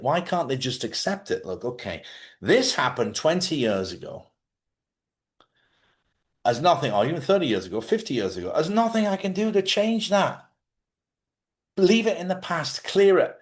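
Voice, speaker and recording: A man hosting a live advice talk, speaking bluntly and swearing freely as he urges people to forgive and let go. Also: a little high. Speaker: host. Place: lives in Spain.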